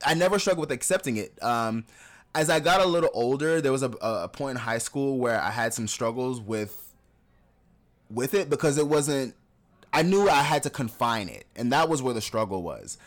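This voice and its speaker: A man's voice: medium pitch, moderate pace. Candid laughing man telling stories. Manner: candid, laughs often, animated when acting out others. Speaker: podcast co-host. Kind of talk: casual conversational storytelling.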